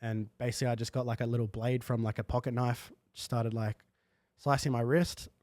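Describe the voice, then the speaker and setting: A man's voice: mid-range voice, little pitch movement, fairly quick, a little mellow, dry recording, clean studio sound. A young man telling a personal story in a casual, slangy podcast chat full of fillers. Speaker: guest. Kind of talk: candid podcast conversation.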